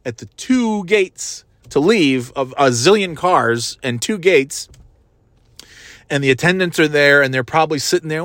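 A man's voice: on the high side, animated, measured pace, a bit bright, no room sound, clean studio sound. A man in his forties telling a comic story in a rambling, self-mocking way and swearing casually.

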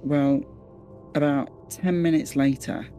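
A man with a Liverpool accent, a podcast guest telling a story in a casual, animated way, repeating words and swearing now and then. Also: a little high, slow pace, soft background music. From Liverpool, England.

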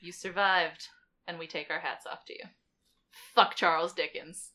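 A woman's voice: fairly low pitch, steady tone, moderate pace, pushed and bright. A woman co-hosting a podcast in casual chat, playful and swearing, with frequent giggles. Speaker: podcast co-host.

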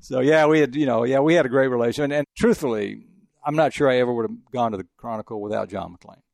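A man's voice: mid-range voice, creaky, darkish tone, no room sound, studio quality. An older man from Texas, a longtime sports journalist, telling rambling anecdotes in an interview. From El Paso, Texas. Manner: fast, rambling anecdotes with many restarts. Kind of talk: interview storytelling.

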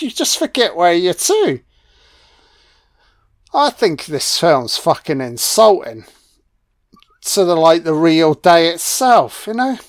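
A man's voice: high-pitched, dry recording, clean studio sound. A man giving a sarcastic, mocking film commentary rant and swearing constantly.

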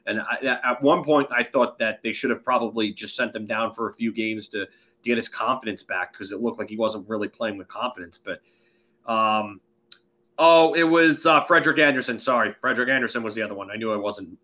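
A man's voice: fairly low pitch, a little fast, sharp tone. A man co-hosting a casual sports podcast, rambling with many fillers and restarts. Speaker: podcast co-host.

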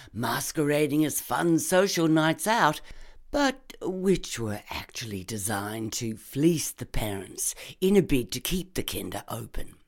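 A very deep-voiced woman reads a crime story aloud. Her pitch swings widely as she leans into the dry, wry humour of the telling. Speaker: narrator and reader. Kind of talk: scripted reading of a crime story.

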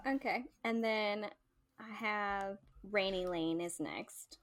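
A woman chatting casually as a podcast co-host, loose and conversational, often laughing and now and then swearing. Her voice sits in a middle pitch. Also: slow pace. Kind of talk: casual chat.

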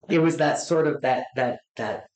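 Male podcast host, casual and animated, mid-pitch, echoey old building. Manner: animated storyteller, acts out his own reactions. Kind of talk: casual chat. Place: inside an old hospital building.

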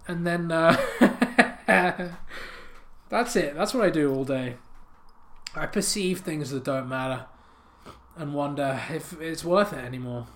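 A male podcast host with a higher-than-average voice talks at a normal pace, telling rambling, absurd comic stories. Into the microphone he swears freely and laughs at his own punchlines.

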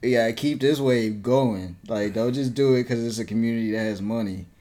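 A man co-hosting a casual podcast chat, animated, repeating himself and laughing often. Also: mid-range voice, moderate pace. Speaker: co-host.

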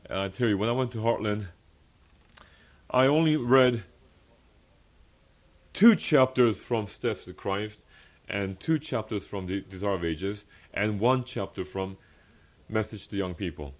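This young adult pastor speaks in a lowish, unhurried voice with frequent pauses. Sharing his testimony at a fellowship gathering, he preaches earnestly and emphatically, repeats important lines, and laughs a lot.

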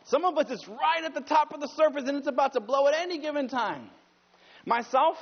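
A man preaching a conversational sermon as pastor, climbing higher and louder when he presses a point. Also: a little fast. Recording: dull sound with long hall reverb.

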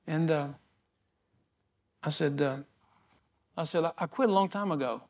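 Older male pastor, homespun sermon storyteller, slightly high-pitched. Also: measured pace. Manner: folksy, repetitive, chuckling storyteller.

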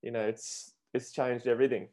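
A man hosting a podcast, chatting in a relaxed way about his own memories. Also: medium pitch, fairly quick. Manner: relaxed, rambling, with many fillers. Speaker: podcast host. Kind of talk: casual chat.

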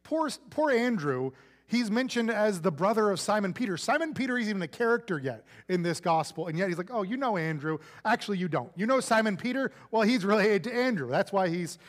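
A man's voice: sits high, in a large hall. A male pastor preaching a sermon in a conversational, playful way, acting out quoted voices.

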